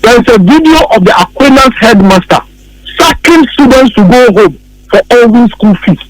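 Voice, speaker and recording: High-voiced Ghanaian man arguing politics. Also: animated, moderate pace, rough recording. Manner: emphatic, argumentative, repeats points. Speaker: political commentator. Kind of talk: radio political talk.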